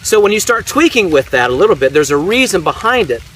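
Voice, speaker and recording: A man's voice: sits high, big pitch swings, quick pace, a bit bright. Man explaining, heard from a distance. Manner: explanatory, frequent restarts and "right?" tags. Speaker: Bible translator. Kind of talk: casual teaching conversation. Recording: distant mic with faint noise.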